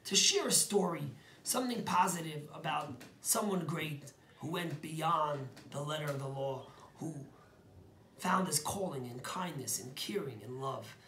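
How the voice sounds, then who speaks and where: A man, a rabbi, telling a story as a sermon, dropping to hushed whispers and rising to loud, emphatic bursts. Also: on the high side, measured pace, reverberant, a little hiss or hum.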